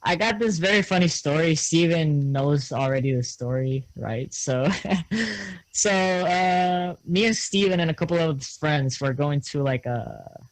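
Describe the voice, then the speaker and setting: Rambling guy, higher pitch. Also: lively intonation, a little slow, low-quality recording. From Puerto Rico. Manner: rambling, laughing, lots of fillers. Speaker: podcast host. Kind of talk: casual storytelling chat.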